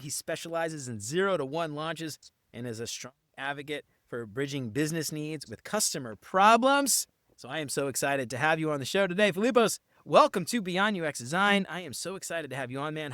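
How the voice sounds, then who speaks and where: Excited guy hosting a podcast, kinda high voice, dry close mic. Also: a little fast, hardly any pauses, no room sound. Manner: enthusiastic, upbeat, casual slang. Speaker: podcast host. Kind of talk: casual interview chat and show promo.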